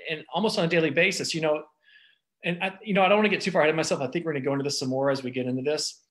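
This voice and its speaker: A man's voice: on the high side, fairly bright tone. A middle-aged man, a doctor, giving an earnest, personal motivational talk about stress and thoughts, with frequent restarts and fillers. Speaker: doctor giving wellness advice.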